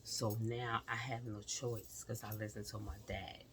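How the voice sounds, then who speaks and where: A woman's voice: a bass voice, a little slow, slight background noise. A woman vlogger telling a personal story in casual conversation, speaking straight to her viewers. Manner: animated retelling, acts out quoted dialogue; speaks directly to the audience.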